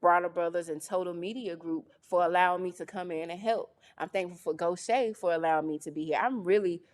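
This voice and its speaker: A woman from North Carolina, a guest in a casual interview, telling her story with lively, acted-out quotes. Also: fairly low pitch, a little fast. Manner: animated, acts out quoted voices. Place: studio on location.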